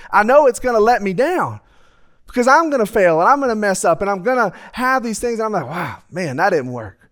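A male preacher with a high-pitched voice, speaking into a stage microphone in a church. His sermon is humorous and folksy, and he slips into the voices of people in his stories to act them out. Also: fairly bright tone. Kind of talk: lively sermon. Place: church sanctuary.

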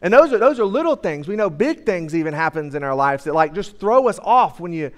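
A young man preaching to a church congregation, his voice pitched noticeably high. He talks loosely and conversationally, with plenty of "uh"s between thoughts. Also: big pitch swings, fairly quick. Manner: casual conversational preaching with many fillers. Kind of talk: sermon. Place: church sanctuary.

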